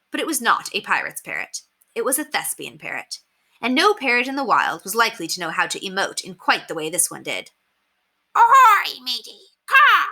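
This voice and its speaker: Bright, animated woman reading aloud. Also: medium pitch. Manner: expressive, animated. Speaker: reader. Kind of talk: storybook read-aloud.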